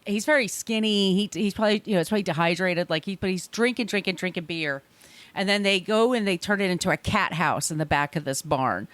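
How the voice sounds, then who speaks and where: A woman's voice: lowish voice, a bit bright, no echo. A woman co-hosting a podcast, casually recapping a film and acting out the characters' lines. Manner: chatty, acts out characters' lines in quotes. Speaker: podcast co-host.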